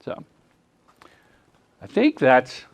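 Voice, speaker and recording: A middle-aged man, a commercial director, giving a live workshop talk as an animated storyteller. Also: drawn-out words. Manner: animated storyteller who acts out quotes.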